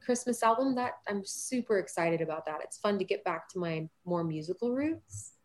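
Animated, laughing woman guest. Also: on the low side, moderate pace. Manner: animated storyteller, laughs often. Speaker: actress guest. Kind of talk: casual interview chat.

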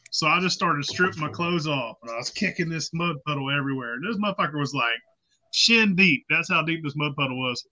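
A man's voice: on the high side, bright, forceful tone. A young man telling a rambling, profane story in a casual podcast chat, laughing as he goes. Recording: muffled lo-fi sound.

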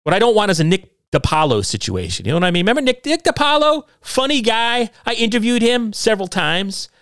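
A man's voice: high voice, sing-song, fairly quick, a bit bright, clean tone, no room sound, clean studio sound. A middle-aged man hosting a solo podcast from his basement, talking in a sarcastic, combative and self-deprecating way. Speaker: podcast host. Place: home basement.

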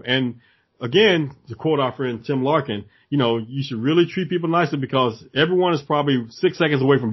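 Husky-voiced man telling a story. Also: medium pitch, muffled recording. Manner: animated, acts out quotes, laughs often. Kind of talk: casual chat, storytelling.

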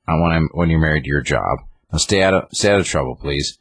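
A man's voice: extremely low pitch, fast, slightly rough. A man casually recapping a comic story, rambling with lots of fillers. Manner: rambling retelling with many fillers. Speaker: comic book reviewer. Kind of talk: casual chat.

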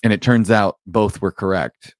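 Low voiced guy cohosting, jumps in with questions, chuckles a lot, dry close mic. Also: moderate pace, no room sound. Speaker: podcast co-host. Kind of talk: casual storytelling.

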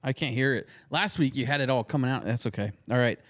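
A man hosting a casual podcast, telling a story in a profane, animated way. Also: medium pitch, fast talker. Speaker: podcast host.

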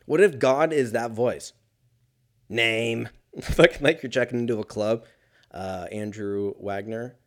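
Man, solo podcast host, casual monologue, rambling, profane, laughing often, medium pitch.

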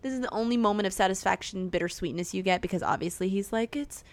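A woman's voice: medium pitch, fast. Chatty young woman retelling a movie. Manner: animated, acts out quotes in shifting voices. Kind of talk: casual chat recapping a movie.

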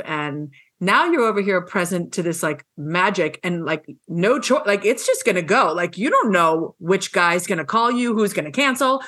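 A woman's voice: medium pitch, sharp tone. A woman hosting a casual chat, talking in a chatty, reflective way with many fillers. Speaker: host.

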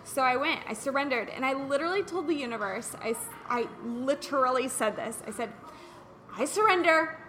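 A woman hosting a casual wellness podcast, telling stories in an animated way and acting out what people said. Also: high voice, fairly quick, few pauses, slight background noise. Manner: animated storyteller who acts out quotes. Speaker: podcast host.

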